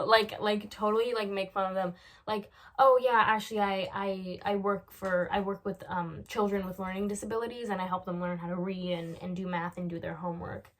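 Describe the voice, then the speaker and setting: A woman's voice: medium pitch, little pitch movement, fairly quick. A young woman giving comedic advice as a vlogger, rambling and acting out both sides of little dialogues.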